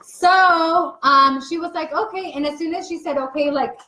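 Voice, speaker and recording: A young woman telling a story in casual chat, animated and laughing as she acts out what people said. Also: sits high, normal speed. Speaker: co-host. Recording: echoey room.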